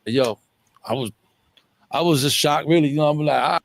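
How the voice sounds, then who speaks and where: A man's voice: on the high side, moderate pace, creaky, no echo. A middle-aged man telling a long story in an interview, rambling in profane street slang. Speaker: interview guest.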